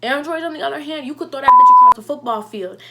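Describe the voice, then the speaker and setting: A young woman vlogging a casual storytime, animated and full of "like", acting out what people said. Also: high voice, fast talker, dull audio, very noisy. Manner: animated, heavy use of "like", acts out quotes.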